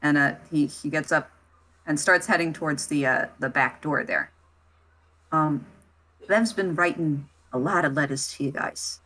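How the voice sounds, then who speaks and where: A woman with a fairly low voice narrates a tabletop role-play as game master. She talks in a halting way, often pausing on fillers while she describes the scene. Her delivery stays relaxed and conversational.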